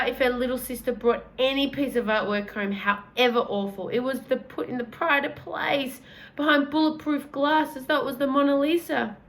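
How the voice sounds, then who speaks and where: A woman's voice: medium pitch, poor audio. A woman reading a children's book aloud in a casual way, correcting her own slips as she goes. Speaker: reader.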